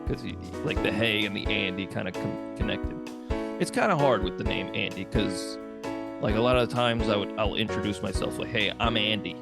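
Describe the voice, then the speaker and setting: A man's voice: lowish voice, a little fast, creaky, over loud music. A man co-hosting a movie podcast, chatting casually, jokey and rambling, swearing now and then. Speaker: podcast co-host. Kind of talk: casual chat about movies.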